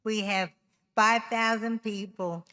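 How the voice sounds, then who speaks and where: A woman speaking up at a tribal council meeting, making an aggrieved, insistent public comment with halting restarts. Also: mid-range voice, fairly even intonation, sharp tone, clean tone.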